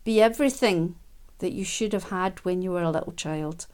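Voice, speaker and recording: A woman giving a gentle, unhurried self-help talk, with frequent ums and quiet laughs. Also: fairly low pitch, steady tone, clear, resonant tone.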